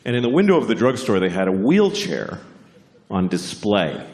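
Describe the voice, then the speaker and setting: A man's voice: lowish voice, big pitch swings, normal speed, a little mellow, echoey room. A man performing a stand-up comedy set, ranting sarcastically with plenty of profanity and mock outrage.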